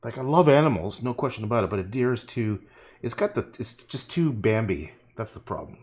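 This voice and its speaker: A man's voice: medium pitch, big pitch swings, fairly quick, a little mellow, breathy edge. A man painting on a livestream, talking casually in a rambling way, swearing and muttering to himself as he works.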